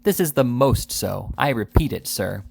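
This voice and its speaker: A man reading aloud and voicing an earnest, indignant elderly gentleman who speaks formally. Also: medium pitch, animated, moderate pace, gravelly, husky.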